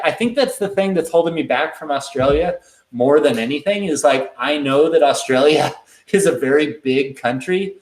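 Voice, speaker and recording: A man hosting a live question-and-answer stream, talking in a relaxed, rambling way with lots of ums. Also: medium pitch, echoey room, low-quality recording. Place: indoors at a computer.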